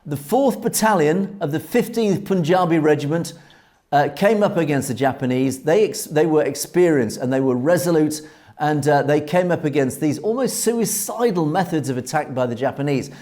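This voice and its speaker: A man hosting a news commentary show, telling military history in an earnest, measured way with frequent hesitations. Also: fairly high pitch, animated, dark tone.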